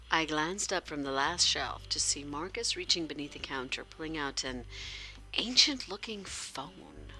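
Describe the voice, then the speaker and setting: A woman streamer narrates a story game with a low yet very bright, sharp voice, taking her time over the words and tossing in dry, playful asides. Her pitch moves a lot as she reads, and soft music runs faintly underneath. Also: big pitch swings, unhurried.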